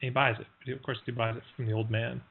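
An online workshop teacher with a gravelly, mid-pitched voice tells a parable during a live lesson, speaking slowly and haltingly with plenty of fillers. His pitch barely moves, he slips into quick voiced quotes, and the audio sounds thin and tinny, like a phone line.

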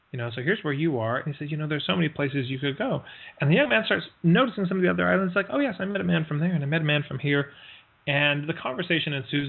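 A man teaching an online workshop, telling a parable in a relaxed, halting way with many fillers and brief voiced quotes. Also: medium pitch. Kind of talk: storytelling in a live online lesson. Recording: tinny phone-like line.

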